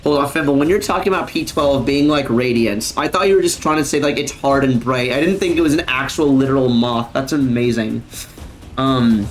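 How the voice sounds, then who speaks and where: A man's voice: medium pitch, lively intonation, fairly quick. A young man casually chatting on a live stream, rambling and swearing often, with lots of fillers.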